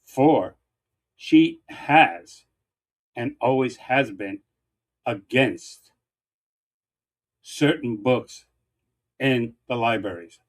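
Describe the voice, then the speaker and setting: A man co-hosting a talk show, arguing heatedly and counting off his points one by one, often repeating himself for emphasis. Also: mid-range voice. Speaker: political show co-host. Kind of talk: heated political debate.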